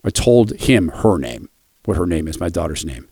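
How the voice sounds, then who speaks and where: A man with a low, somewhat gravelly voice speaks as the host of a radio devotional. He tells a personal story in a quiet, reflective way and then closes with a blessing. His voice sounds dry and close, with no room echo. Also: sing-song, moderate pace.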